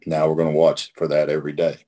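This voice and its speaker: A man's voice: rumbling low, monotone, quick pace, warm tone. A middle-aged man from Oklahoma leading a recovery study in a casual teaching talk. He is folksy and emphatic and repeats phrases for emphasis.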